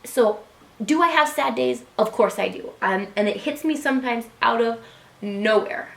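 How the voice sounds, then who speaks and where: A woman in her thirties talking earnestly in a personal vlog, soft-spoken, with frequent ums and likes. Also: fairly high pitch, moderate pace, creaky, roomy sound. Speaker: beauty vlogger.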